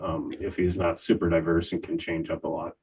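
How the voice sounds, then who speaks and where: An older man co-hosting a music review podcast, talking in a casual, hesitant way with many pauses and fillers. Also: sits low, little pitch movement, darkish tone, slight background noise, poor audio. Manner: slow, hesitant, many ums and uhs. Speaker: podcast co-host reviewing albums. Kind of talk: casual chat.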